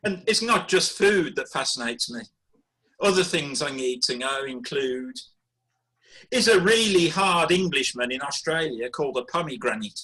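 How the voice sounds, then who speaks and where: A man reading comic rhyming poetry in a deadpan, wry way over a video call. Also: a little high, normal speed, poor audio. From Birmingham, England. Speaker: performance poet.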